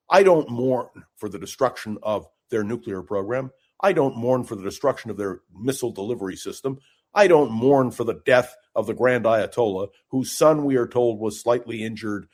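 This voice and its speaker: Male political commentator, talk-radio guest, fervent and declamatory, mid-range voice. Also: mid-range voice. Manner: impassioned, emphatic, speechmaking.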